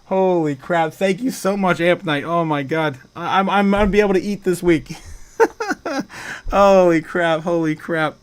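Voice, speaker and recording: A man hosts a casual livestream and reads viewer comments aloud. His voice sits a bit high for a man. He is excitable, laughs often and breaks into loud exclamations. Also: a little slow, clear, resonant tone. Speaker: livestream host.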